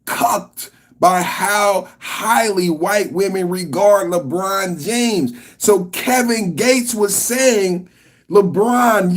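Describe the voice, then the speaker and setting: Male podcast host, high voice, unhurried delivery, excitable and profane, laughs a lot. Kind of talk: casual reaction commentary.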